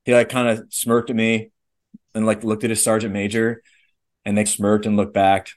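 A man's voice: fairly low pitch, little pitch movement, moderate pace. A man in his thirties telling a personal story in a casual interview, earnest and rambling, with lots of "like" and "legit". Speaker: podcast guest, airline pilot.

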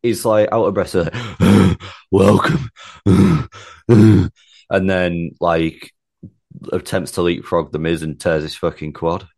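A man's voice: low voice, fairly even intonation, a little slow, creaky, darkish tone, dry recording, studio quality. A man co-hosting a podcast, talking bluntly and swearing casually. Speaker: podcast co-host. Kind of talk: casual chat.

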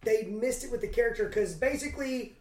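A woman's voice: fairly high pitch, fairly quick, a little mellow. A woman co-hosting a casual movie recap podcast, sarcastic and jokey. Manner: sarcastic, jokey, slips into mock voices. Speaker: podcast co-host. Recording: roomy echo.

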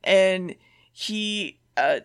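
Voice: mid-range voice, drawn-out words, gravelly, smooth. Sardonic podcast host recapping casually. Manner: loose, sardonic retelling with swearing.

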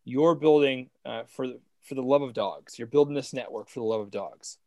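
A man's voice: medium pitch, normal speed, gravelly, warm tone, dry recording. Guy interviewing someone, keen and chatty, mid voice, dry close audio. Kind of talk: casual interview talk.

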